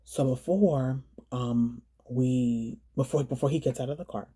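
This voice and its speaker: A woman telling her own story in a vlog, halting and earnest, often repeating words and phrases. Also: a bass voice, mellow, husky. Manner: earnest, urging viewers to slow down.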